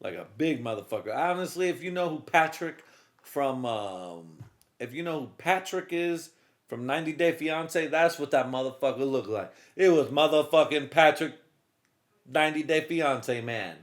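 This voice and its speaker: A man's voice: fairly high pitch, expressive, moderate pace. A man hosting a comedy podcast, telling a story casually in a profane, rambling way with lots of fillers. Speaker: podcast host.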